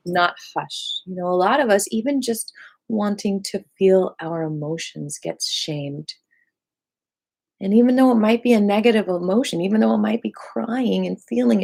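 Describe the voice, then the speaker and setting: Slow, soothing woman leading qigong. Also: lowish voice, gravelly. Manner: soothing, slow, affirming guidance with sudden loud bursts. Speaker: qigong and voice teacher. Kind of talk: guided qigong class, livestreamed.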